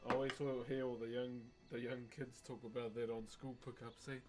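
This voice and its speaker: A man's voice: mid-range voice, level tone, brisk. A man with a New Zealand accent chatting casually with viewers during a live stream, cheeky and laughing often. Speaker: live-streaming wood carver.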